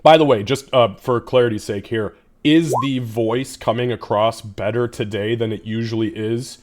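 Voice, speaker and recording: A man's voice: medium pitch, fairly even intonation, moderate pace, darkish tone. A man running a tabletop game as game master, narrating in a loose, casual way and cursing freely.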